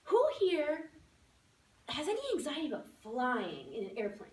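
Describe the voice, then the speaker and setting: A woman giving a playful, animated laughter-yoga demonstration speech to a live audience. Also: sits high, moderate pace. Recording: echoey room from far off.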